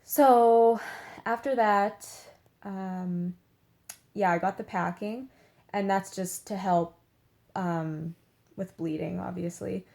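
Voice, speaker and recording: A young woman tells a story in a relaxed, chatty way, leaning on "like" and slipping into little voices for the people she quotes. Her voice is warm and mellow rather than bright. She sounds laid-back, as if talking from her bed. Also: on the low side, slow pace, gravelly, pauses often. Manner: chatty, heavy use of "like", acts out quotes. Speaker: beauty vlogger. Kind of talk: casual storytelling to camera. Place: in bed at home.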